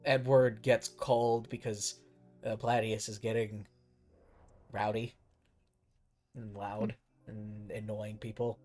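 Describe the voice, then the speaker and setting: A man narrating as dungeon master of a tabletop game, relaxed and halting, with pauses and fillers. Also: fairly low pitch, faint music behind.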